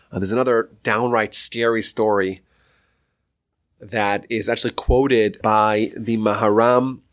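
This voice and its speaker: Animated male storyteller, lively pitch. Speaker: lecturer on Jewish history. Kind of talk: storytelling lecture.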